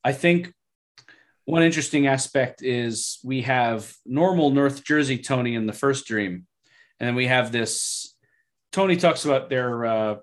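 Excitable male podcast co-host. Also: mid-range voice, unhurried. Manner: enthusiastic, restarts often when excited. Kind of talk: casual discussion of a TV episode.

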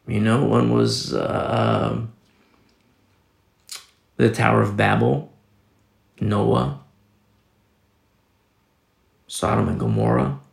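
Gravelly man preaching a rambling sermon. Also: lowish voice, fairly even intonation, drawn-out words, long pauses, echoey room. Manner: rambling, with many restarts and emphatic rises. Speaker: pastor. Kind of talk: conversational Bible teaching sermon.

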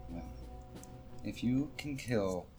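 A man narrating as game master of a tabletop fantasy game, playful and quick to laugh. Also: fairly low pitch, animated, over music. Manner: playful, often breaks into laughter.

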